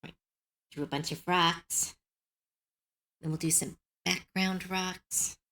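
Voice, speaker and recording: A woman's voice: lowish voice, fairly even intonation, takes it slowly, bright, forceful tone. A young adult woman streamer chatting casually on a live stream, chatty and self-deprecating, laughing often.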